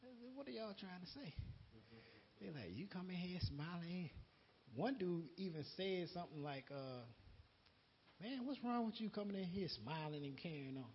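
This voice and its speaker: A man's voice: high-pitched, animated, normal speed, lo-fi sound, slight background noise. A man preaching an unscripted sermon in a folksy, laughing way, quoting conversations and repeating words. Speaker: lay preacher.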